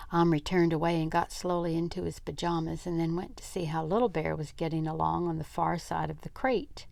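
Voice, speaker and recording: A woman's voice: deep voice, gravelly, a little mellow, dry recording. Older woman reading a storybook aloud. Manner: slow, deliberate reading with occasional whispers. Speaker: read-aloud narrator. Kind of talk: reading a children's novel aloud.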